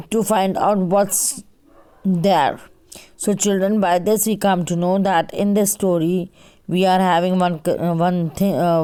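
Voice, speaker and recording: A woman's voice: lowish voice, darkish tone, clean tone. A woman teacher, giving a class to young children, careful and patient, spelling words out letter by letter. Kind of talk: recorded online class for children.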